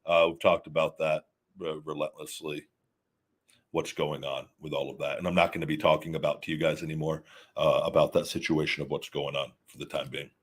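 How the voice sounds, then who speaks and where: A man's voice: rumbling low, level tone, a little fast, breathy edge. A man hosting a livestream, talking casually and rambling, with lots of repeated words and restarts as he answers viewer chat questions. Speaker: podcast host.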